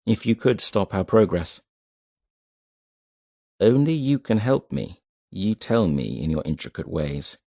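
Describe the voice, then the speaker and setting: A man reads a cold, calculating warrior in a very low, deep voice, each word slow and quietly menacing. The audiobook voice is recorded dry and close, with no room sound. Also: no room sound. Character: cold, measured man of war bargaining. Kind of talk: audiobook character reading.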